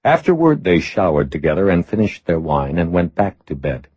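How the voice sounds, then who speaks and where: A man narrating an audiobook in a measured, steady reading voice. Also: sits low, husky, no echo. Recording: slightly muffled recording.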